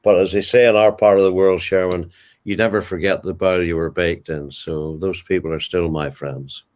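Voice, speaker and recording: Older Northern Irish man, deep voice. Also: steady tone, normal speed. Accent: Ballymena, Northern Irish. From Ballymena, Northern Ireland. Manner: warm anecdotal storyteller with fond asides. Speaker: guest, television broadcaster. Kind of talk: casual storytelling interview.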